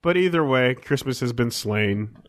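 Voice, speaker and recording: A man's voice: mid-range voice, animated, moderate pace. A young man co-hosting a podcast in casual chat, rambling with many fillers and restarts, swearing freely. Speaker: podcast co-host.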